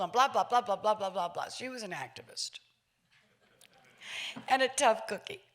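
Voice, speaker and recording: A woman in her sixties giving a public talk, telling a personal story in an animated way and acting out voices with laughs. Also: medium pitch, normal speed. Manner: lively, acts out voices, laughs while telling. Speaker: featured speaker.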